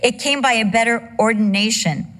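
A woman's voice: on the high side, normal speed, fairly bright tone. A middle-aged woman preaching a sermon, teaching from scripture and slipping into humorous personal stories. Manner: conversational, tells humorous personal anecdotes.

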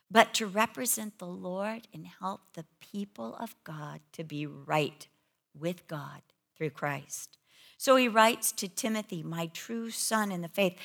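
A middle-aged woman preaches a sermon with a bright, forward voice. She tells her story with animated energy. She acts out her own panicked words as she goes. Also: medium pitch. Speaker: preacher, pastor's wife.

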